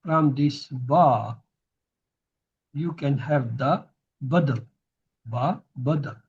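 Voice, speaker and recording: A man's voice: mid-range voice, very slow, husky, muffled recording. A man teaching grammar in a recorded lesson, patiently repeating each term so students can drill it.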